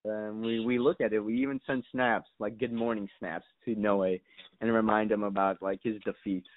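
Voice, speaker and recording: A fairly low, level-toned voice belongs to a young adult man who chats at a moderate pace as a podcast guest. He tells rambling, mock-earnest stories studded with fillers and cursing, and the recording comes across dry and tinny like a phone.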